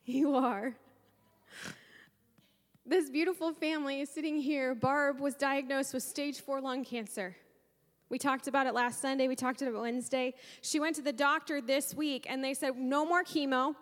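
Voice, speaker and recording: A woman's voice: sits high, steady tone, fairly quick, in a large hall. A woman pastor preaching a sermon in a church, fervent and emotional, sighing and repeating her praise. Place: church sanctuary.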